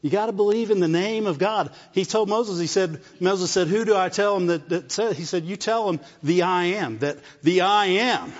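A man's voice: sits high, moderate pace, few pauses. A man preaching a sermon, often asking the congregation "amen?" and repeating phrases for emphasis. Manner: call-and-response asides, repeats phrases. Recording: dull sound with long reverb in a hall.

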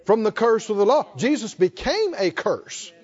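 A middle-aged man preaches a call-and-response sermon with a high-pitched voice for a man. He draws out key words and prompts the congregation to answer. The sound is dull and muffled, with a long reverb from a large hall. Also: big pitch swings, normal speed. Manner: emphatic, drawing out key words and prompting the crowd. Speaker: pastor.

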